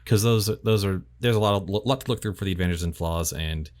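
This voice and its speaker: A man's voice: sits low, fast. A man acting as game master, chatting casually through character setup for a tabletop game, laughing often and restarting his phrases. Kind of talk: casual chat running a tabletop session.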